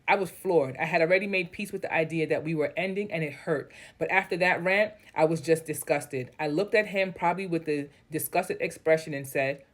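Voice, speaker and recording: Her voice deep and her pace fairly quick, a woman narrates an online post and stops to comment on it candidly. She swears freely, acting as both story reader and commentator.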